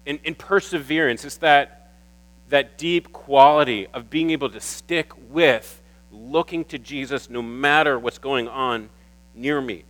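Teary, bright-voiced man preaching. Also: mid-range voice, poor audio. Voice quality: halting, repeats words. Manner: warm, emotional, getting teary at times. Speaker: pastor. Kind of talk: sermon. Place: church.

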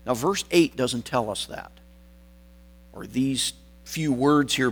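A man preaching a sermon, stressing key words and pausing for weight between phrases. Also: medium pitch, lively intonation, breathy edge, poor audio. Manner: deliberate, emphatic phrasing with dramatic pauses.

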